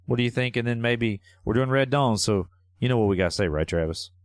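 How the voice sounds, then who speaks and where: A man co-hosting a podcast in a broad, put-on Southern US drawl, his pitch swinging up and down as he jokes. He speaks playfully, mock-serious, close to the mic in a dry, dead room. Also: lively intonation, quick pace, dry recording. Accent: exaggerated Southern US, put on. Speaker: podcast co-host. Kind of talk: comedic podcast banter.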